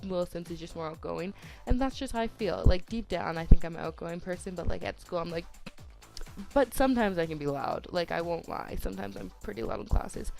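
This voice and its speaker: A soft-spoken teenage girl rambles over a building video, full of "like"s, restarts and self-deprecating asides, her voice cracking here and there. Her voice sits a touch low with a gravelly fry. Faint music plays underneath her desk-mic recording. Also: fairly quick. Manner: chatty, self-deprecating, lots of "like", tongue-tied restarts. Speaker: YouTuber. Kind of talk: rambling voice-over chat during a speed build. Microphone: home desk microphone.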